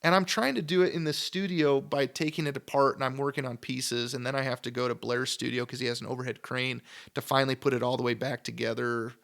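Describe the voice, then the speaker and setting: A sculptor from Idaho, USA, guesting on a podcast, tells rambling, enthusiastic stories packed with "like" and quoted back-and-forth. His gravelly, fairly bright voice sits at medium pitch with fairly even intonation, and he talks fast with hardly any pauses in the podcast studio.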